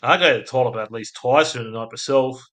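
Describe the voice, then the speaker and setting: A man's voice: mid-range voice, fast talker, fairly bright tone. An Australian man chatting casually on a live stream, rambling between topics and laughing often at his own crude jokes. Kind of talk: casual live-stream chat, reading out viewer comments.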